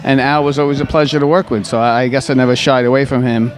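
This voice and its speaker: A man with a medium-pitched, everyday voice talks through stories from his work as a physical therapist. He keeps stumbling over his first words and doubling back, and fills the gaps with easygoing fillers. It is relaxed interview talk recorded outdoors. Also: quick pace. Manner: rambling, warm storytelling with frequent restarts and fillers. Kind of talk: conversational interview.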